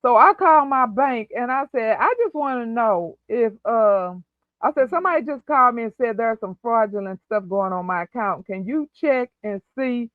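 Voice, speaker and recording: A woman's voice: on the high side, expressive, normal speed, no echo. Chatty woman on a tinny phone line. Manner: chatty, addresses the host as "girl". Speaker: call-in guest on a live stream. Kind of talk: casual storytelling.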